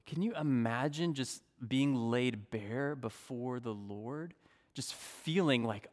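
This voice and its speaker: A man's voice: medium pitch, a little mellow. A man in his thirties preaching a sermon, speaking earnestly and often repeating and restarting his words. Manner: slow, earnest, with repetitions and restarts. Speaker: pastor. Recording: long reverb of a large hall.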